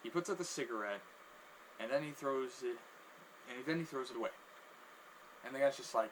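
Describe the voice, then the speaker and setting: A man's voice: mid-range voice, normal speed, a bit bright, slight background noise, low-quality recording. A man telling a casual anecdote who rambles, restarts his sentences often, and loops through "and then" phrases. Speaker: storyteller.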